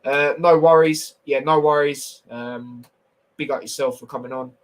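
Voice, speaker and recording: A man's voice: mid-range voice, fairly even intonation, normal speed, poor audio. A young man hosting a casual football review stream, blunt and opinionated with slangy banter. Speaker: football podcast host.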